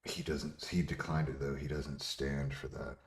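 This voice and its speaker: Pria bersuara sangat rendah, bicara kasar. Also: male voice, extremely low pitch, flat delivery, measured pace, gravelly. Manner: profane, blunt, laughs often. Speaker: streamer answering chat questions. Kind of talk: casual livestream chat.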